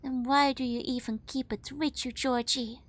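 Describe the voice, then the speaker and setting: A woman's voice: high voice, fairly even intonation, moderate pace, no echo. A woman streaming a let's play, talking over the game in a giggly, playful way.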